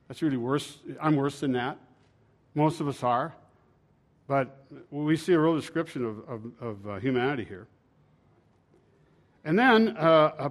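A man preaching a sermon, retelling scripture in a folksy, conversational way with sharp swings from loud to quiet. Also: mid-range voice, expressive, moderate pace, long pauses.

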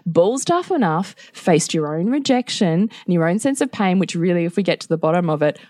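Animated swearing woman storyteller. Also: a little fast, dry recording, studio quality. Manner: animated, swears freely, acts out quotes with big pitch jumps. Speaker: podcast co-host. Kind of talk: candid conversational storytelling.

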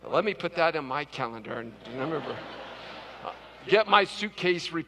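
A male pastor telling an animated personal story in a sermon, stumbling and restarting often. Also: on the high side, moderate pace, in a large hall, a little hiss or hum.

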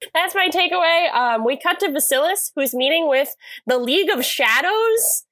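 A woman's voice: high voice, animated, normal speed, hardly any pauses, fairly bright tone, a little hiss or hum. A woman co-hosting a podcast, chatting casually and self-deprecatingly as she recaps a TV episode, with lots of fillers. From California. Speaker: podcast co-host.

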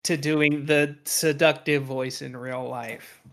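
Chatty man with a higher voice. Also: flat delivery, slow pace, a bit bright. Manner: rambling, filler-heavy, swears casually. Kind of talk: casual chat.

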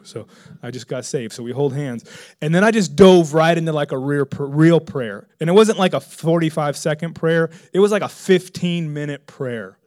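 Middle-aged guy preaching, high voice, gets loud and excited telling his story. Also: a little fast. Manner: animated, bursts into loud excited exclamations. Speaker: pastor. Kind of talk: sermon storytelling.

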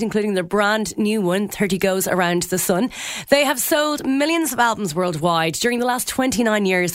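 A woman's voice: on the high side, a bit bright, no room sound, studio quality. A woman hosting a radio show, presenting upbeat links and interviewing a guest. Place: radio studio.

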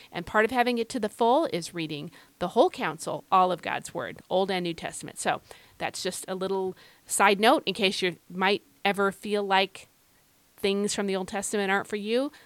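An Irish woman talks through a devotional podcast in an earnest, encouraging, conversational way. Her voice sits at a middle pitch for a woman. The recording is dry and close, with no room sound. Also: dry recording. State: recovering from feeling unwell. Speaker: podcast host. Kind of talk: devotional Bible podcast talk.

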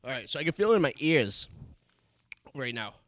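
A man co-hosts a casual talk show at a mid-range pitch, talking in a halting, chatty way full of fillers. He sounds teary and strained from extreme spicy heat, speaking into a studio mic. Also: sing-song, a bit bright. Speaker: podcast co-host. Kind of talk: casual chat during a hot chip challenge. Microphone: headphones and studio mic.

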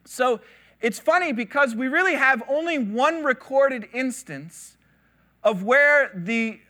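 A man giving a conversational sermon, telling stories with animated quoted voices and casual asides. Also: very high voice, takes it slowly. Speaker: teacher.

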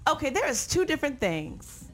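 A woman comedian telling a story in casual chat, sassy and animated, often mimicking other people. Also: sits high, brisk, soft background music. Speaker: comedian and podcast host.

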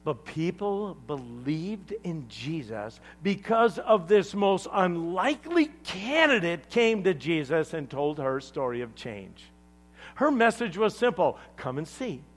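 A man preaching a sermon to a congregation, swinging between loud emphatic lines and hushed asides, joking with the room. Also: a little high, sing-song, slow, faint music behind. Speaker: pastor.

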